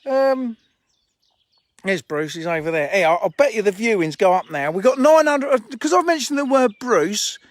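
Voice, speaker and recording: Fishery owner on a live stream: man, high voice, jokey and teasing, chatting outdoors by the lakes. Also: sing-song, normal speed, no room sound. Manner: joking, teasing banter with viewers. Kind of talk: casual live-stream chat.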